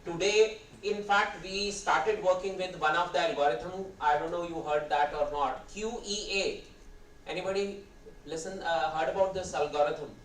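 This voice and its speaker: An Indian English man in his fifties gives a conversational guest lecture, his voice sitting a little high. His throat is sore, and he wanders between points with a hesitant, rambling delivery. He is picked up from a distance in a reverberant hall with a faint hum of ambience. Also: steady tone, moderate pace, fairly bright tone.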